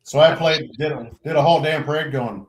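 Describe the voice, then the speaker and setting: A man's voice: a little high, fairly quick. Middle-aged guy spinning war stories, swears a lot, voice jumps way up when he quotes people. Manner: animated storyteller, acts out quotes loudly, swears freely. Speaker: podcast co-host, veteran. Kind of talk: casual storytelling chat.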